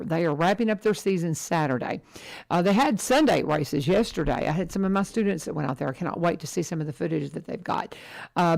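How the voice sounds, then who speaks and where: A middle-aged woman hosting a casual radio chat, talking in a chatty, animated way and laughing often. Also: lowish voice, gravelly. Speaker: radio host.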